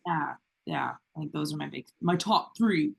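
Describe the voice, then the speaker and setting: A woman co-hosting a recovery podcast, talking earnestly and haltingly with many fillers. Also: deep voice, creaky, slight background noise. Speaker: podcast co-host. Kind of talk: casual recovery podcast chat.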